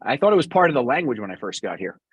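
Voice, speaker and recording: Husky middle-aged guy, bit of a new york accent, blunt and sarcastic, dry close sound. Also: medium pitch, sing-song, rapid-fire, no echo. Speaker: guest business speaker. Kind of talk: blunt conversational interview answers.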